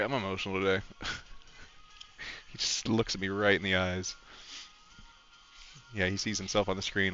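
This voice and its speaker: A man's voice: low voice, flat delivery, moderate pace, pauses often, sharp tone, dull audio, faint music behind. A man streaming a game, chatting casually in a rambling, candid and emotional way. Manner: rambling, candid and emotional, talks to his dog. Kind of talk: casual live-stream chat.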